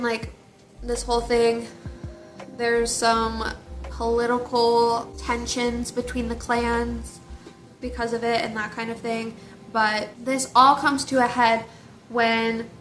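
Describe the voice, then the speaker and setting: A young woman casually retelling a book series, animated and jokey. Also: fairly high pitch, unhurried, faint music behind. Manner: animated, gushing, jokey storytelling. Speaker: book reviewer. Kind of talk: casual chat.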